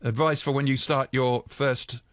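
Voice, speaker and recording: A man's voice: medium pitch, fairly even intonation, a little slow, no echo, clean studio sound. A man hosting an afternoon drive-time radio show, chatting casually, rambling and correcting himself as he reads out listener messages. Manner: rambling, self-correcting, chuckling at listener jokes. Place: radio studio. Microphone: studio microphone.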